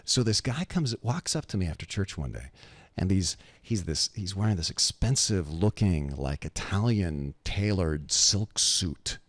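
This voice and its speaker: A pastor telling a lively story as a radio guest, animated and acting out the people in it. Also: male voice, low voice, a little slow, dry recording. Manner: animated storyteller, acts out voices.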